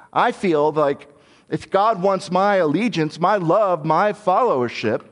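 Man, conversational sermon, earnest, candid, thinking aloud, slightly high voice.

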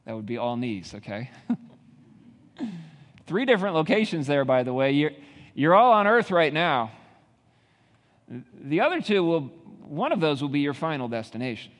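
A man's voice: on the high side, big pitch swings, measured pace, pauses often. Preaching man in a reverberant hall. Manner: builds to rising intensity, rhetorical questions. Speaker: pastor. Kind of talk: sermon.

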